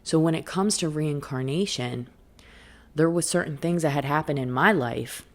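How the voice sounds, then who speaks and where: A woman's voice: low voice, moderate pace. A woman hosting a spiritual podcast, talking frankly and casually, often checking in with "right?". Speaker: podcast host and life coach.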